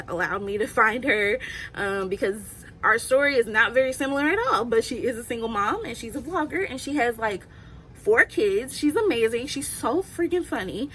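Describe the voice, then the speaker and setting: A woman's voice: on the high side, fairly bright tone, a little hiss or hum, poor audio. A young woman vlogging casually, answering questions in a chatty, candid way and laughing often. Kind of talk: casual Q&A vlog.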